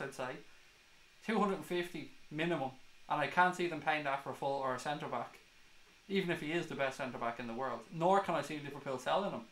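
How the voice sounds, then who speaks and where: Sweary man in an echoey room. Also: fairly high pitch. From Ireland. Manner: sweary, chatty, animated. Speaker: football fan stream host. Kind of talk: casual live-stream chat reading comments.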